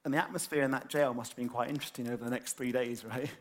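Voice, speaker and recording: Animated man preaching a sermon. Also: medium pitch, rapid-fire. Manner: animated, acts out excited quotes; frequent fillers and repeated words.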